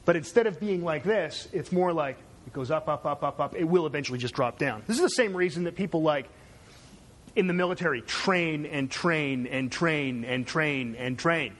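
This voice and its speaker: A man's voice: fairly high pitch, normal speed, fairly bright tone. A man from Canada giving a conversational university lecture, digressive and checking in with "right?".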